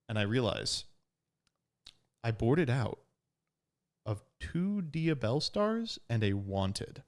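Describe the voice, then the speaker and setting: A man's voice: medium pitch, moderate pace. A young man casually recounting a tournament, acting out what people said and laughing often. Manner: animated, laughs often, acts out quotes. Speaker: podcast host recapping a card tournament. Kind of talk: casual storytelling recap.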